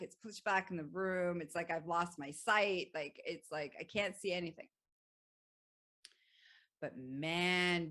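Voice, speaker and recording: A woman hosting a podcast, telling a personal story in an animated way, laughing often and swearing freely. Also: fairly low pitch. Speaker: podcast host.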